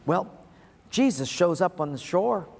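A pastor with a high, creaky voice delivers a sermon in a large auditorium, where a long reverb tail follows his words. Animated yet unhurried, he earnestly tells a story, laughs at his own punchline, and then draws out the lesson.

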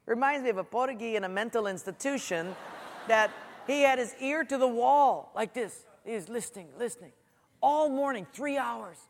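High-voiced middle-aged preacher. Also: male voice, moderate pace. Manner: storytelling, animated, acts out quotes. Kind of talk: sermon. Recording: echoey hall.

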